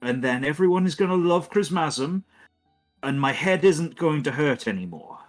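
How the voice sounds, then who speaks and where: A man voicing a towering, harried male Christmas boss, attempting an Irish accent that slips into West Country, talking in a hurried, bossy, exasperated way. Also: fairly high pitch, lively intonation, soft background music, voice pushed up, lightly acted. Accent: attempted Irish slipping into West Country.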